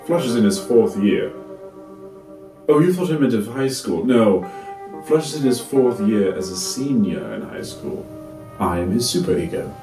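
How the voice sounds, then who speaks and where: An actor playing the superego of a slacker student, narrating in a dry, lecturing way. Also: male voice, fairly low pitch, very animated, normal speed. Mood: wry. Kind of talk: film voice-over narration. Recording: roomy echo with music.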